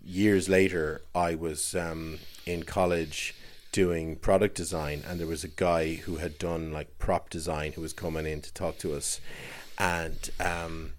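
A man's voice: sits low, level tone, unhurried. An Irish man telling a long, rambling story in casual chat, often restarting his sentences and laughing as he goes. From Ireland.

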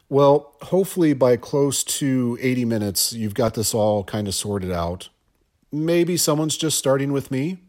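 A man talks through a movie scene on a casual podcast, taking his time and tripping over restarts along the way. His voice sits at an ordinary middle pitch. He drops in dry little jokes as he goes. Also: darkish tone. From Ohio. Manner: rambling, stammers and restarts, wry asides. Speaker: guest podcast host.

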